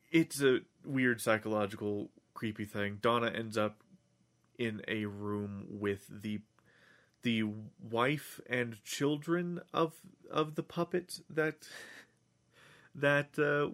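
Male podcast host, lowish voice, loose rambling recap delivery. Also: a bit bright. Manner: rambling, many restarts and fillers. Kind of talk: casual recap of a TV episode.

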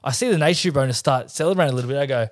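An Australian man co-hosting a casual sports podcast, telling stories with lively acted-out quotes. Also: mid-range voice, rapid-fire. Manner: animated storyteller, acts out quotes. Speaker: podcast co-host. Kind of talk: casual chat.

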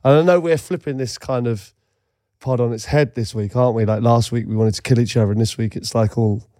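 Male co-host, 30s, upbeat storyteller, mid pitch, dry close-miked sound. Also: fairly even intonation, a little fast, mellow, dry recording. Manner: enthusiastic, jokey storytelling. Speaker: podcast co-host. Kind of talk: casual chat.

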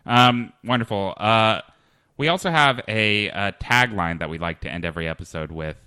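A man hosting a comedy podcast, interviewing a guest in a halting, awkward way with many restarts. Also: lowish voice, bright, forceful tone, clear, resonant tone, no room sound, studio quality. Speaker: podcast host.

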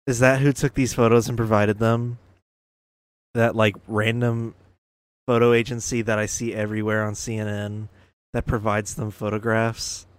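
A man hosting a podcast, reacting to news clips in an excitable, profane, casual way. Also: lowish voice, no echo. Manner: excitable, profane, laughs a lot. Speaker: podcast host.

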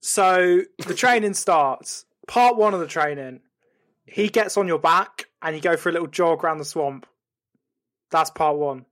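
Man, fairly high voice, casual podcast storytelling, animated and sweary. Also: unhurried. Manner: animated, sweary retelling with lots of "you're like". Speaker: podcast co-host. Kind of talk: comic storytelling.

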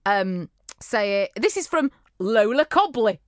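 A woman's voice: medium pitch, very animated, measured pace, no room sound, studio quality. A woman co-hosting a podcast, chatty and giggly, reacting with gasps. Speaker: podcast co-host. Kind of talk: casual chat.

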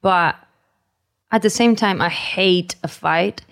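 A woman's voice: lowish voice, slow, fairly bright tone, smooth. A woman co-hosting a podcast, chatting casually with short, wry reactions. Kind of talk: casual chat.

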